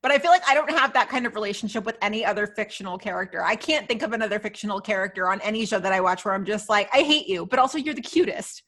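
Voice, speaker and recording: A woman's voice: medium pitch, racing, few pauses. A woman chatting casually as a podcast co-host, recapping a TV episode and acting out the characters' lines. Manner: animated, acts out characters' lines.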